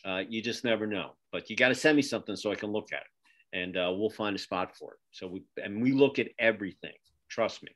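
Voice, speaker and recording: A man's voice: fairly low pitch, brisk, a bit bright. A middle-aged man hosting a podcast from his home office over a video call, rambling with many fillers and restarts. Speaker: podcast host and magazine publisher. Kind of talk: casual interview sign-off.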